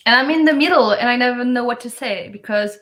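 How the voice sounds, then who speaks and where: A woman chatting casually on a livestream, soft-spoken and hesitant. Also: a little high, fast. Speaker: livestream guest. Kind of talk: casual chat.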